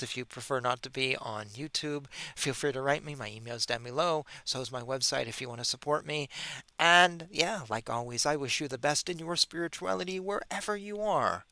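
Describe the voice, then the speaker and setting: A man talking alone into a computer mic on his own spirituality podcast, sarcastic and exasperated. His voice is bright and smooth, and it sounds dry and close, with no room sound around it. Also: mid-range voice, no echo. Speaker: podcast host. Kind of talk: solo commentary podcast. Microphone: webcam or computer mic.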